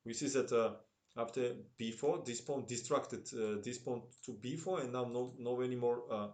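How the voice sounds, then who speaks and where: A man's voice: mid-range voice, normal speed, a little mellow. A man with a Russian-tinged accent and broken English, commentating chess on a live stream, chatting with viewers and laughing often. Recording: roomy echo.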